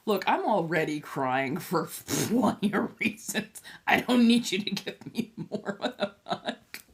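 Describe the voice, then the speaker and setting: Woman in her 30s, stream host, swearing rants, pitch leaps all over, laughs a lot. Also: extremely slow. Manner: profane, animated ranting with frequent laughter. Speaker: livestream host and tarot reader. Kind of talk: casual livestream chat.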